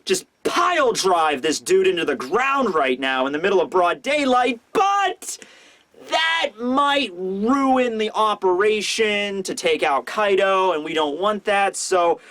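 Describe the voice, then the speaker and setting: This is a brash, hotheaded young male pirate cook, done by a man who jumps from plotting to yelling in a bright, high voice. His anger comes out in loud bursts. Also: big pitch swings, takes it slowly, exaggerated voice. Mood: scheming.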